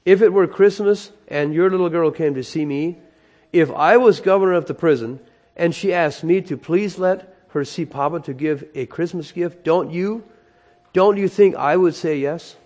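A man's voice: a little high, moderate pace, darkish tone, natural voice. A man doing a pleading little girl. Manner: pleading, tearful, raised voice.

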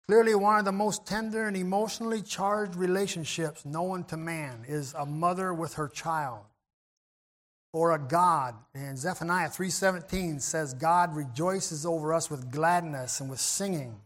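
Male preacher, higher register, gentle and reflective, clears throat often, restarts phrases. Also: a little slow. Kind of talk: sermon.

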